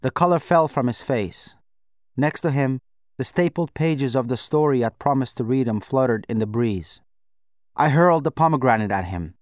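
Measured man reading a novel aloud. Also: medium pitch, animated, dry recording, clean studio sound. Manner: measured, reflective first-person telling. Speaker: audiobook narrator. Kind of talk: scripted narration.

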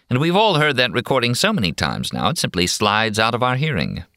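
A man's voice: low voice, pushed and bright, dry recording, clean studio sound, full character voice. A man voicing a prim, over-educated male patient who speaks in precise, genteel, faintly mocking phrases in an audiobook.

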